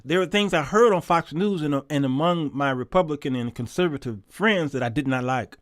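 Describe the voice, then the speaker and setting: A man's voice: on the high side, brisk, dry recording, studio quality. A man hosting a Christian talk show, reading viewer comments and talking in an emphatic, conversational way, often repeating words.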